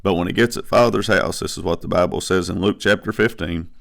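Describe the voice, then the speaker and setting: Low gravelly guy preaching a sermon, gets worked up and emphatic. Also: fairly quick, fairly bright tone. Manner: impassioned, rising to emphatic bursts, frequent restarts.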